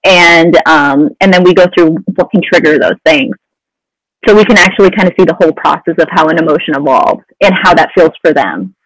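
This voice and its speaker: A woman's voice: fairly low pitch, expressive, brisk, no room sound, low-quality recording. Conversational woman counselor, dry sound. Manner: conversational, many "you know" fillers. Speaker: mental health counselor guest. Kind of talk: casual podcast interview.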